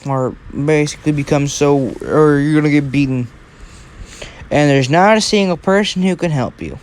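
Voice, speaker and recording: A man's voice: a little high, moderate pace, a little mellow, close to an everyday voice. A man voicing a cocky, taunting teen boy who deals in souls, in a casual, rambling way.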